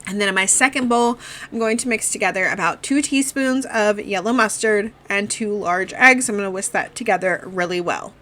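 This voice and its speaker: A woman talks through her week of family dinners in a relaxed, chatty voice-over, moving one step at a time. She drops in the occasional "um" and "like" as she goes. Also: mid-range voice, normal speed. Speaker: cooking vlogger. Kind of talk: casual recipe voice-over.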